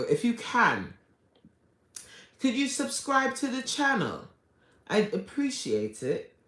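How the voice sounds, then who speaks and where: An adult livestreamer chatting casually with viewers, greeting them by name and pleading for subscribers. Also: mid-range voice. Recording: echoey room.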